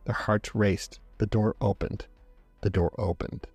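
Low husky guy reading a story, slow and dramatic, soft music behind. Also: no room sound. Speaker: narrator. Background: faint background music.

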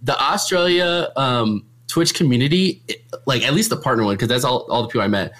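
A man's voice: mid-range voice, expressive, fairly quick, a bit bright. Chatty young man, laughing often. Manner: chatty, laughs often, many filler likes. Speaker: streamer and meetup organizer. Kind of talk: casual chat.

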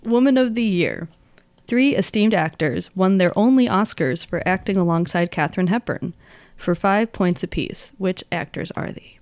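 A woman runs the trivia rounds in a playful, lightly teasing manner. Her voice sits a touch low, and the recording is dry and close. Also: moderate pace, a little mellow, dry recording. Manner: playful, drops into whispers. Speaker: quizmaster. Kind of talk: reading trivia questions on a podcast.

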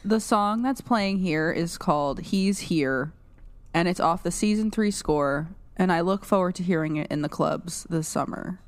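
A woman's voice: fairly low pitch, unhurried, no room sound. A woman co-hosting a podcast in casual chat, chatty and giggly with lots of filler words. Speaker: podcast co-host.

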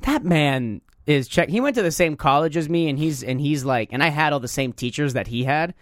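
Young male podcast host, animated pitch, dry close sound, laughs and swears a lot. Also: brisk, no room sound. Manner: loose, laughing, swears often. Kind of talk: casual chat.

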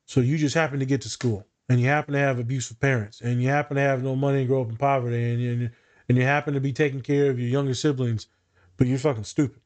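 A man's voice: mid-range voice, fairly even intonation, fast talker. Male therapist-host, casual and blunt, salty language. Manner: blunt and profane, tells client stories. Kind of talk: casual podcast chat.

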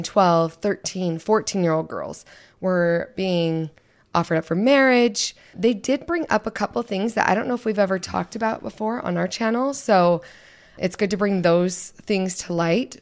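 A woman co-hosting a podcast in casual chat, talking quietly while losing her voice. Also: medium pitch, moderate pace. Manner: quiet, conversational, filler-heavy. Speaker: podcast co-host.

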